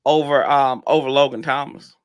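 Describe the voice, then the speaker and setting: A man co-hosting a casual sports debate, teasing his rival fan and letting his voice jump high when he argues. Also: normal speed, clear, resonant tone. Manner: teasing, animated, pitch jumps when arguing. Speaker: sports podcast co-host.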